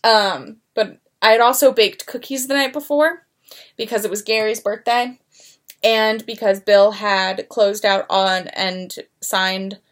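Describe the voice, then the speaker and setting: A woman's voice: mid-range voice, fairly even intonation, a little slow. A young woman co-hosting a podcast, chatting casually and telling stories, voicing the people in them as she goes. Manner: chatty storyteller, acts out coworkers' lines. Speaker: podcast co-host. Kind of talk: casual chat.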